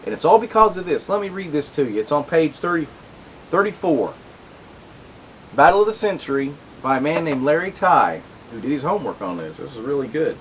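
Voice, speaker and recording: Middle-aged male comics-show host, rambling and animated, casual commentary. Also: fairly high pitch, fairly quick, a little hiss or hum, low-quality recording. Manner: rambling, chatty, full of asides and restarts.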